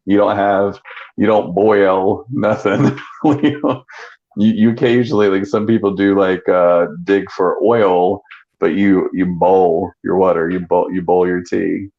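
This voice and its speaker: A man's voice: low-pitched, steady tone, moderate pace, gravelly, muffled recording. A man with a South Georgia Southern accent, chatting animatedly on a live stream, laughing and swearing as he tells stories. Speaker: panel host. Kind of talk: casual live-stream chat.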